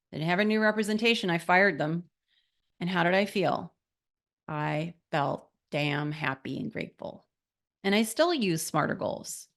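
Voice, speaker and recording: A woman's voice: on the low side, fairly bright tone. Emphatic middle-aged woman mentor. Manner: emphatic, motivational, rhetorical questions. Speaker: art business mentor. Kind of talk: online course lesson.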